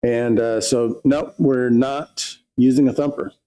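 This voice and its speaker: A man with a mellow, relaxed voice co-hosts a casual livestream. He reads viewer questions aloud and answers them in plain, practical terms. His voice sits at an ordinary pitch. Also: slow pace, low-quality recording. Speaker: livestream co-host.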